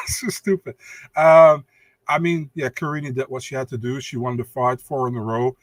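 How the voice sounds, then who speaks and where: Halting male podcast co-host. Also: medium pitch, fairly even intonation, no echo. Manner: halting, searching for words. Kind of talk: casual podcast chat.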